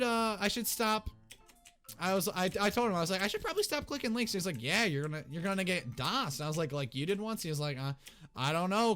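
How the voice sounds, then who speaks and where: Young man, high-pitched, excitable, rambling, casual storytime, soft background music. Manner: excitable, rambling, restarts often. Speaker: YouTuber.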